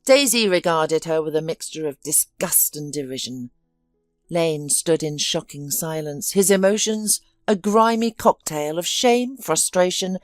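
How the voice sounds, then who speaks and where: A woman narrating a drama story in a measured, scripted voice-over. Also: sits low, no room sound. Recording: dry studio voice-over with soft music.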